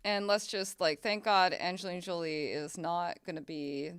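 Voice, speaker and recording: A woman's voice: fairly low pitch, steady tone, normal speed, a bit bright, clean tone. A young woman streaming a game, chatting casually, swearing and laughing as she plays. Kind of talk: casual gameplay chat.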